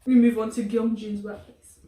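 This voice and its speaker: A woman chatting casually about a drama, animated and laughing as she acts out quotes. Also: fairly high pitch, moderate pace. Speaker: co-host. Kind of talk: casual chat reviewing a drama. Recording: echoey room, a bit far from the mic.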